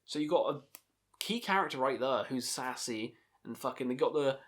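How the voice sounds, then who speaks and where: A man's voice: mid-range voice, animated, moderate pace. A man hosting a video channel, giving a casual, enthusiastic film review full of swearing and laughter. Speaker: video host ranking films.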